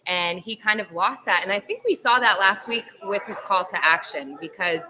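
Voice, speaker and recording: Bright-toned woman co-hosting a talk show. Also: medium pitch, expressive, low-quality recording. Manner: quick to laugh, then earnest about politics. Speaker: co-host. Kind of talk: live talk show chat.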